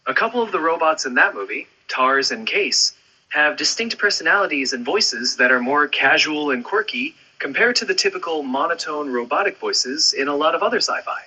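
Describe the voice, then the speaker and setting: A male AI voice assistant answering in a smooth, agreeable, polished conversational way. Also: fairly high pitch, animated, moderate pace, sharp tone, poor audio.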